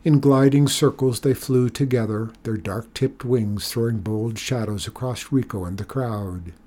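A man reading a children's storybook aloud in a steady, measured way. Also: mid-range voice. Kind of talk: storybook read-aloud narration.

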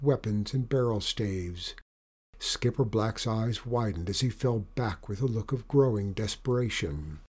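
Husky man, storybook narration, expressive, mid-pitched. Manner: expressive, dramatic reading.

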